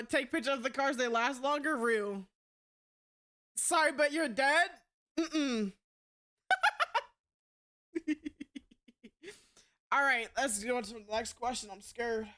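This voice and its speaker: A young woman streaming live, talking to her chat in a loud, blunt, profane way and laughing often. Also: fairly high pitch, smooth.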